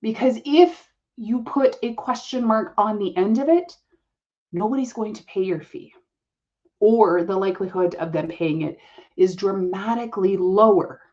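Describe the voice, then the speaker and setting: A woman's voice: mid-range voice, measured pace, a little mellow, lo-fi sound. A woman hosting a business-coaching podcast, speaking directly and matter-of-factly to the listener. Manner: direct, matter-of-fact, talks to the listener as "you".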